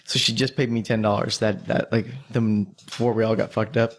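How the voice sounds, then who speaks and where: A man's voice: lowish voice, little pitch movement, brisk. A young man telling a long drinking story in casual chat, rambling, swearing and laughing as he goes.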